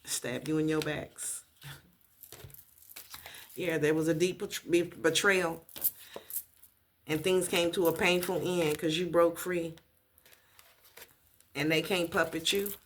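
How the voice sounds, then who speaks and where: A woman's voice: on the low side, steady tone, measured pace, long pauses, a little hiss or hum. A woman giving a casual tarot reading, blunt and profane, repeating her points for emphasis. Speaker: tarot reader.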